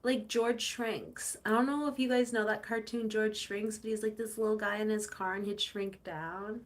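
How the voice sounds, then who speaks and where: A woman's voice: medium pitch, normal speed. A young woman hosting a casual live stream, chatting to viewers, answering their comments and telling rambling stories. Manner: animated storytelling with playful quoted voices. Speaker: livestream host.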